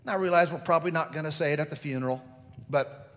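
A man's voice: fairly high pitch, quick pace, a bit bright, long reverb tail. A male pastor preaching a sermon, telling the story vividly and putting questions to the congregation.

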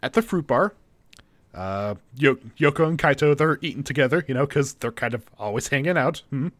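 A man recaps episodes casually with a co-host, slipping into quoted lines now and then. His voice sits at an ordinary pitch. The recording is close and dry, with no room sound. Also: animated, moderate pace, no room sound. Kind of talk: casual chat.

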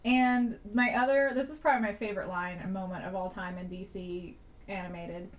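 A woman's voice: medium pitch, fairly even intonation, fairly quick, distant mic. A woman co-hosting a podcast in casual chat, retelling scenes animatedly with frequent laughter and casual swearing. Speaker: podcast co-host.

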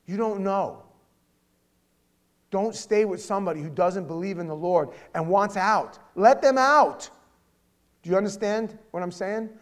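Delivering his sermon directly and conversationally, this high-pitched male pastor alternates between loud, emphatic reading and hushed, intimate asides.

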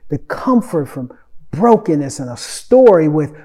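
A man preaching a sermon as pastor, swinging from loud emphatic lines to soft, hushed asides and repeating phrases for emphasis. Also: on the high side, very animated, a little slow. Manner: repeats phrases for emphasis, addresses listeners with "Listen".

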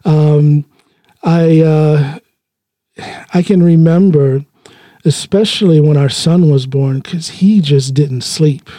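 Middle-aged guy hosting a chatty podcast, laughs a lot, kinda high but mellow voice, dead dry room. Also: slow, no echo. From United States. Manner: relaxed, laughs often, frequent restarts. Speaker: podcast host. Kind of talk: casual conversation. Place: home studio.

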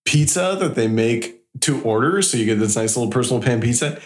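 A man's voice: medium pitch, animated, fairly quick. Rambling man in a roomy space. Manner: rambling storyteller, laughs often. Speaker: podcast co-host. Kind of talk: casual chat. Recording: roomy echo.

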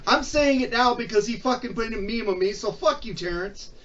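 A man's voice: very high voice, a little fast, recorded from a distance, dull audio, a crowd in the background. A man telling a story in casual chat, swearing often, heated and aggrieved. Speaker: podcast guest.

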